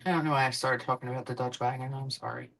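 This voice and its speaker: Chatty woman with a bright voice. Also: very deep voice, steady tone, quick pace, creaky, slight background noise, low-quality recording. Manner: rambling, chatty, swears casually. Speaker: streamer. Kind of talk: casual chat while cooking.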